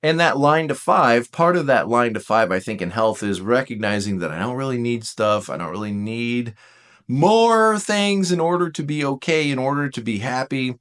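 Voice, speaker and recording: A man with a clean, mid-range voice speaks at a normal pace as an Enneagram teacher. He explains personality types casually and with self-deprecating humor, animatedly acting out snippets of conversation.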